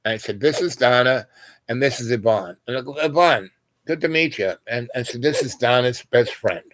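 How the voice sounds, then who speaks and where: A man's voice: mid-range voice, normal speed, fairly bright tone, dry recording. An older man telling a long personal story in casual chat, meandering with lots of "you know" and restarts, and acting out other people's voices. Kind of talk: rambling personal anecdote.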